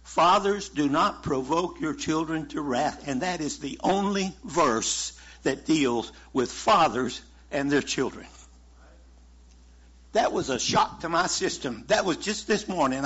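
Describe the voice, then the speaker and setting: A man's voice: on the high side, fairly bright tone, slightly rough. A man preaching a sermon in a folksy, conversational way, chuckling now and then. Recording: muffled lo-fi sermon recording.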